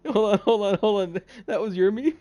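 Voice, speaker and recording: High, lively young man teasing his friends. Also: moderate pace. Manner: giggly, playful teasing. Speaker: teammate. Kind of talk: casual gaming chat.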